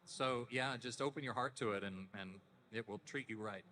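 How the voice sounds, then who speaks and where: A man in his fifties, a voice actor guest at a panel, telling stories casually in a deepened, relaxed voice with frequent restarts. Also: normal speed. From Canada. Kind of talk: casual anecdotal panel talk. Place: convention panel hall. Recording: echoey convention hall.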